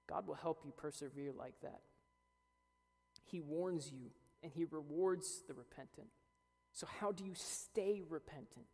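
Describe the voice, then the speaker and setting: This young pastor's sermon is earnest, climbing to emphatic high points, delivered a little slowly in a slightly high voice with a darkish tone. The church hall is reverberant, and faint music can be heard.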